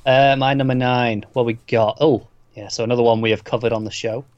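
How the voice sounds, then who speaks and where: A man's voice: medium pitch, steady tone, fairly quick, a little mellow, no room sound, lo-fi sound. A man co-hosting a podcast in casual chat about films, teasing and opinionated. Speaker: podcast co-host. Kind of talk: casual film-list chat.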